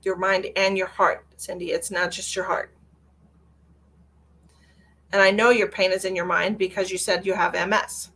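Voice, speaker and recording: A woman's voice: medium pitch, level tone, normal speed, long pauses, sharp tone. A woman psychic medium on a live stream, answering viewer comments in a blunt, lecturing way and repeating phrases for emphasis. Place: at home with her cat.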